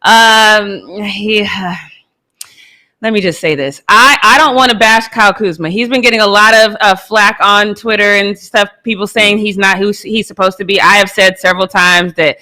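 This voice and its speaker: A woman co-hosting a sports talk show, sharing candid, conversational takes. Her voice is bright and forceful, at a middle pitch. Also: moderate pace. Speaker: live show co-host. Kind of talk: casual sports opinion chat.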